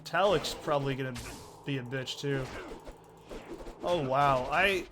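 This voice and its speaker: A man's voice: mid-range voice, a little slow, noisy background. A man casually commenting on his own gameplay as a let's play host, musing aloud and swearing freely. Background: game music.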